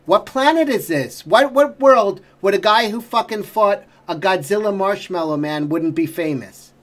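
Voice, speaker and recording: Middle-aged male reaction host, exasperated and foul-mouthed, slightly raised pitch. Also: a little slow. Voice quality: swears constantly, exasperated. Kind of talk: profane ranting commentary.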